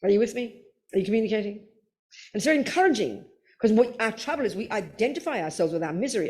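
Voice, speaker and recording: A woman's voice: mid-range voice, expressive, fast, darkish tone. An older woman, a Buddhist nun, giving a Dharma talk and answering questions in a blunt, playful way, calling people darling.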